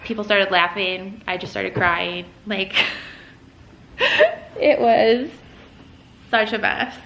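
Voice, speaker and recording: A woman's voice: mid-range voice, animated, slow pace, vocal fry, a bit bright, roomy sound, rough recording. A young woman vlogger casually telling a story at home while folding laundry, full of "like" and "um". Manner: chatty, lots of "like" and "um". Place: room at home.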